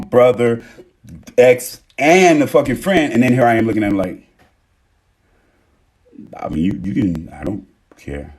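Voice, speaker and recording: A young man with a husky voice giving a rambling, emphatic live-stream monologue on relationships, often acting out what other people say. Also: mid-range voice, darkish tone. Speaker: TikTok live host.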